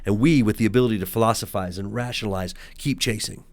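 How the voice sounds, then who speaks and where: A man speaks quickly and with emphasis as he tells a story on a podcast. His voice sits fairly low and moves fast. The talk is a relaxed, casual conversation. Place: podcast studio at a table.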